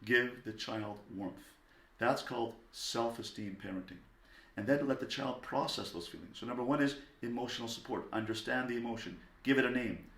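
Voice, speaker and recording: A man, a rabbi, giving a parenting lecture in a calm, deliberate way, stressing single words. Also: mid-range voice. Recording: echoey room.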